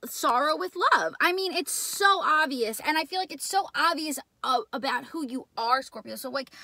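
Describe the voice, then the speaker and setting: A woman talks through a tarot reading in a high, bright voice, rambling and emotional with plenty of swearing and fillers. The sound is close and dry, with no room around it. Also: dry recording. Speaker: tarot reader. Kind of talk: casual tarot reading vlog.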